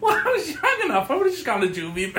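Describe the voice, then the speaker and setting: A man's voice: extremely high pitch, quick pace, echoey room. A man telling stories in a casual chat, profane and laughing as he goes. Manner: profane, laughing, animated storytelling. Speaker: podcast host.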